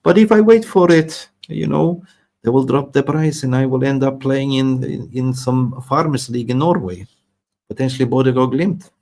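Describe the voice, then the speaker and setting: A man's voice: medium pitch, normal speed, darkish tone, close to an everyday voice. A man impersonating a greedy young male footballer who speaks broken English, demanding big money. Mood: worried. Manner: broken English, pleading and boastful.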